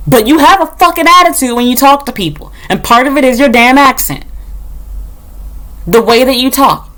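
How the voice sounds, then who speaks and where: A woman's voice: sits high, animated, brisk, a bit bright. A woman from the United States ranting in a casual vlog, blunt and sarcastic, swearing often and mimicking others. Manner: blunt, profane and sarcastic, mocking others in put-on voices. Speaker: vlogger. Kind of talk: casual storytime rant.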